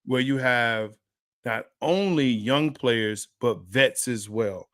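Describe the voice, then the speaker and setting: A man's voice: medium pitch, slow, a bit bright, no echo, clean studio sound. A man co-hosting a sports show, in a casual, joking, trash-talking chat with laughs. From Dallas area. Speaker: sports podcast co-host.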